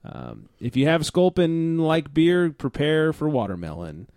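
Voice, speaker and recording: A man's voice: a little high, wildly swooping pitch, unhurried, darkish tone, clean tone, dry recording, studio quality. A man hosting a beer podcast, chatting through the news and laughing as he reads stories aloud.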